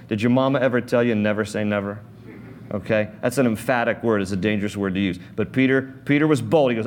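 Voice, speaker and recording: Male pastor, mid-pitch, chatty sermon delivery with restarts and repeats. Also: fast. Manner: conversational, repeats words while building points.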